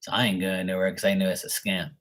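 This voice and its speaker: A man's voice: low voice, flat delivery, quick pace, fairly bright tone. A man, a show host telling a story in a blunt, profane and amused way. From Bermuda. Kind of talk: casual storytelling.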